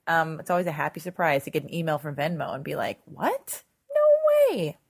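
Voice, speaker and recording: A hoarse woman hosting her podcast, chatty and animated, swearing freely in a casual intro monologue. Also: sits low, fast. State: hoarse, lost voice. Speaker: podcast host. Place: Los Angeles.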